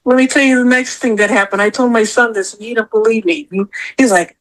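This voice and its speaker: Middle-aged woman guest on a podcast, fairly high voice, jumps way up when she quotes herself. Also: fast, rough recording. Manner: animated, acts out her own quotes in a high voice. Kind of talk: casual storytelling interview.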